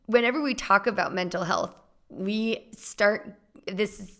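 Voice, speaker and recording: A young woman with a mid-pitched voice co-hosts a candid chat. She thinks aloud and restarts her sentences as she asks probing, reflective questions. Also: measured pace, fairly bright tone. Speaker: co-host.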